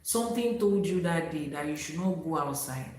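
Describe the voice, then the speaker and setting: A woman's voice: sits low, animated, a little mellow, a little hiss or hum. Woman with Yoruba accent, live-stream teacher, reciting and explaining, very reverberant room. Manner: recites verses, then explains them slowly. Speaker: Ifá teacher. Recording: very echoey room.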